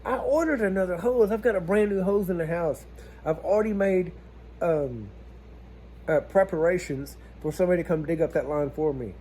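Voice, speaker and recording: Cussing plumber, dark voice. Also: male voice, high voice, normal speed, a little hiss or hum. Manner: animated, swears freely, says y'all. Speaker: plumber telling a work story. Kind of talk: casual storytelling vlog.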